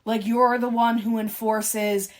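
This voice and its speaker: Excitable canadian lady cohosting a chatty podcast, kinda high voice, gasps and laughs a lot. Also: takes it slowly. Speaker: podcast co-host. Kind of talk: casual chat.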